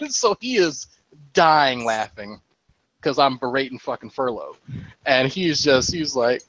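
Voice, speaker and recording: A man's voice: a little high, slow, no room sound, dull audio. A man who served as an Army medic, telling a profane story in casual chat and laughing as he goes. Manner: animated, profane, laughs through his story.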